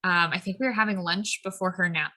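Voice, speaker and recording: On a casual spiritual podcast, a thirties-aged woman co-hosts with a lowish, steady voice that comes out quick, pushed and bright. She rambles through tangents, peppering her talk with "like" and "um."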